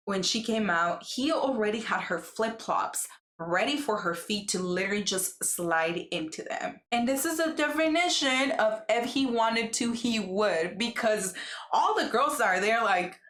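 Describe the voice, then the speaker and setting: A chatty woman hosting a gossipy recap, mid-pitched and easygoing. She slips into lively voices when quoting people. The room rings with noticeable echo. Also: measured pace. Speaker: recap vlogger.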